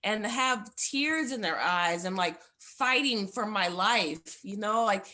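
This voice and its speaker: A woman's voice: mid-range voice, expressive, slow, sharp tone. A young woman, a guest on the show, giving a heartfelt personal testimony in a rambling way, full of fillers.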